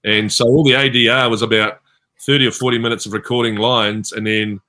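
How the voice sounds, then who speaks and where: A man with a New Zealand accent speaks in a mid-range voice, level and sharp in tone and a little fast. He's a guest on an online fan panel over video call, chatting casually and telling stories in which he acts out what people said to him.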